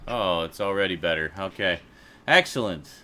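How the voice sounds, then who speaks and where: A man's voice: low voice, moderate pace, pushed and bright, slight background noise. A man hosting a casual home livestream chat into a desk microphone, rambling, laughing often and swearing casually. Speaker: livestream host. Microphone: desk USB microphone.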